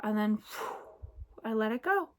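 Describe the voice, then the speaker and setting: A middle-aged woman with a fairly high voice talks casually to camera from her home library. Her delivery is chatty and animated, and she throws in playful sound effects as she explains. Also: unhurried. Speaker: crystal jewelry seller giving spiritual advice. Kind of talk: casual instructional talk to camera.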